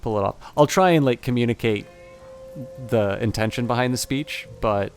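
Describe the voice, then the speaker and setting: A man's voice: medium pitch, normal speed, faint music behind. A man, chatting to his stream viewers and reading a game aloud, rambling and apologetic with many restarts. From Canada.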